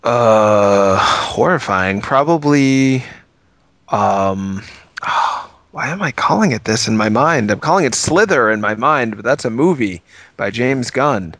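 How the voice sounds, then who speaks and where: A man's voice: lowish voice, lively intonation, measured pace, fairly bright tone, no echo. A man co-hosting a podcast in easygoing, slightly self-conscious casual chat. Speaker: podcast co-host.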